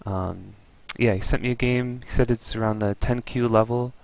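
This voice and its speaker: A man's voice: medium pitch, fairly even intonation, normal speed, creaky, darkish tone, no echo. A man giving an easygoing, explanatory review of a Go game as a teacher.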